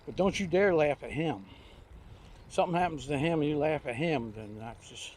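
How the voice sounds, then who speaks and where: A man's voice: a little high, lively intonation, normal speed, slight background noise. An older man telling rambling, folksy anecdotes in homespun speech while out on a trike ride. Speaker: vlogger. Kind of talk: casual storytelling while riding. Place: outdoors on a recumbent trike ride.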